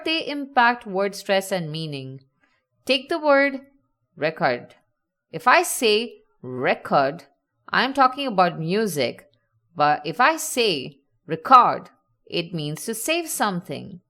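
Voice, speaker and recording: A woman narrating a scripted lesson, slowly sounding out example words with clear enunciation. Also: mid-range voice, a bit bright. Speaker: teacher.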